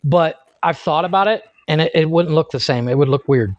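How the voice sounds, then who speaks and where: A man in his thirties co-hosts a casual podcast, his voice sitting a little high. He swears freely and laughs at his own stories. The sound is dry and muffled, like a lo-fi recording. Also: fairly quick, no room sound. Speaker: podcast co-host. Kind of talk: casual chat.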